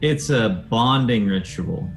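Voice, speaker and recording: Calm noble princess, voiced by a man. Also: fairly low pitch, slow, vocal fry, faint music behind, exaggerated voice. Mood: matter-of-fact. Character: dignified young noble princess.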